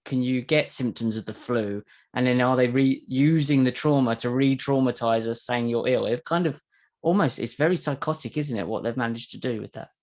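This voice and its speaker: Man hosting a podcast, rambling questions. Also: medium pitch. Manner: asks long rambling questions. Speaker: podcast host. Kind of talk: podcast interview.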